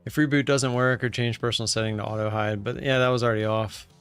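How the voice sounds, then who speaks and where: A man hosting a live stream in casual chatter, who breaks into loud cheering now and then. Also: medium pitch, fairly even intonation, fast, clear, resonant tone, faint music behind.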